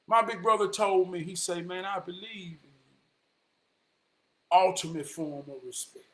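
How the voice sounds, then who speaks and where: A high-pitched Southern man talking slowly and deliberately. He gives motivational shout-outs like a sermon, repeating his lines, dropping to soft murmurs and then rising into loud bursts. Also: rough recording. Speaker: motivational vlogger.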